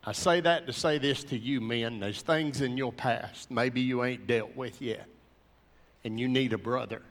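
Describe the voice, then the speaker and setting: A man, an earnest preacher telling a personal testimony to a gathering of men in animated storytelling fashion. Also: medium pitch, unhurried, big-room sound.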